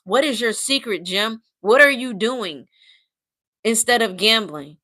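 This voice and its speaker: A woman's voice: a little high, expressive, measured pace, pushed and bright. A woman from the Midwest of the United States hosting a casual livestream, talking earnestly and emotionally while reading out viewer comments. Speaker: livestream host.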